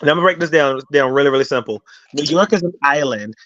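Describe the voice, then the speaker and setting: Man, casual host, fairly high-pitched, animated explainer, dull dry online audio. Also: fast talker, no room sound. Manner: animated storyteller who acts out quotes and reads viewer comments aloud. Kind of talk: casual chat.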